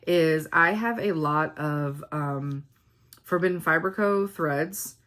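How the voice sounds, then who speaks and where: A woman, telling a rambling, animated story in a casual craft vlog, with many ums and acted-out quotes. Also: low voice, slow pace. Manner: rambling, animated quoting of others, frequent ums. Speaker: cross-stitch vlogger.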